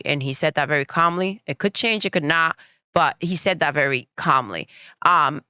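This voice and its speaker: A woman co-hosting a casual gaming news podcast, talking in an animated, opinionated way with many fillers. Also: sits low, clean tone, no room sound, clean studio sound. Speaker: podcast co-host.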